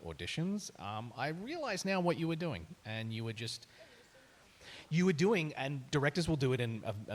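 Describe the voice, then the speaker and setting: A man with an Australian accent, a voice actor speaking on a live panel and telling candid, self-deprecating stories about auditions. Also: lowish voice.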